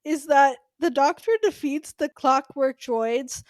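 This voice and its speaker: Female co-host, high-pitched, dry close sound, lively and exasperated in casual chat. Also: slow pace, no echo. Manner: animated, laughs often, exasperated rants. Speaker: podcast co-host.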